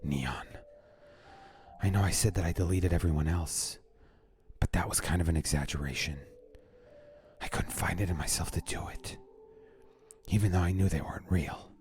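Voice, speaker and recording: A man's voice: low-pitched, normal speed, pauses often, darkish tone, a little hiss or hum, natural voice. A man reading a heartbroken young woman's lines from a game aloud as whispered role-play, pleading and blaming herself. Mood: resolved. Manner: pleading, self-reproaching, breaks into unvoiced whisper.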